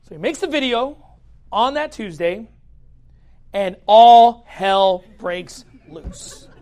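A man's voice: sits high, animated, slow pace, a little mellow. A man, a pastor, telling his personal story in a casual way, full of filler likes and laughing now and then. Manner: chatty, many filler likes, acts out quoted speech; laughs through parts of the story.

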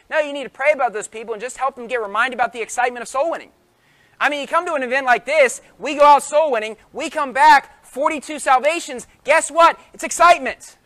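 A man's voice: very high voice, fairly quick, bright, forceful tone. A man preaching a sermon in an emphatic way, full of rhetorical questions.

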